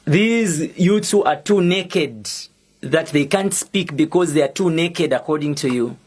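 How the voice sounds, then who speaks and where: A young man with a Zambian accent delivers a public statement at a slow, deliberate pace. His tone is measured and defiant, and each point lands with firm emphasis. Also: on the high side, animated, slightly rough. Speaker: musician and activist.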